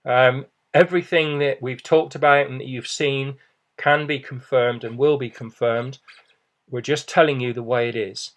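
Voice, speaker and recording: A man's voice: mid-range voice, steady tone, normal speed. A middle-aged man giving a persuasive business presentation, reassuring and often adding "okay" and "you know".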